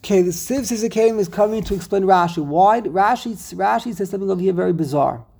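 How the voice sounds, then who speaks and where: Gravelly man teaching a text lesson. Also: sits high, quick pace. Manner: animated, rhetorical questions, reads Hebrew terms aloud. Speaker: Torah teacher.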